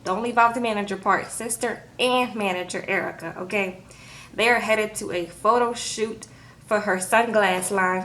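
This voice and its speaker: A woman recapping a reality TV episode in a casual vlog, talking in an animated, sassy way, acting out quotes and tagging her lines with "okay?". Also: mid-range voice, moderate pace, slight background noise.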